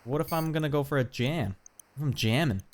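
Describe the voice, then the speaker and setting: Against a crowd in the background, a man plays a vintage basketball game on stream, cracking jokes and griping about the controls with some mild cursing. He sounds exasperated, and his fairly high voice is expressive and brisk.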